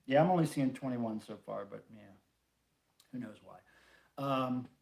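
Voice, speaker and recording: A man's voice: medium pitch, unhurried, gravelly, darkish tone. A middle-aged man from North Carolina hosting a casual home livestream, joking and reading viewer comments aloud. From North Carolina, USA. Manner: chatty, jokey, reads viewer comments aloud. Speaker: livestream host. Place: home room.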